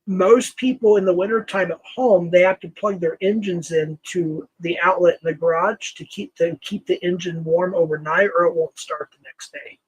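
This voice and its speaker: High-voiced man hosting a livestream. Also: steady tone, normal speed, few pauses, husky, no echo, low-quality recording. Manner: rambling, thankful, laughs often, trails off with fillers. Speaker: livestream host. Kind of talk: casual livestream chat.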